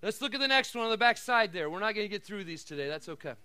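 Man, middle-aged, preacher, very high voice, bright and forceful, dry close sound. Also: expressive, fast, smooth, no room sound. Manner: preaching with shouts, laughs and asides to the congregation. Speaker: pastor. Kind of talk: sermon.

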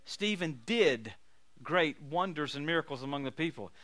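Bright, high-voiced animated preacher man. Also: moderate pace, no echo. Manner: animated storytelling, laughing, bursts of loud emphasis. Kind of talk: sermon with healing testimonies.

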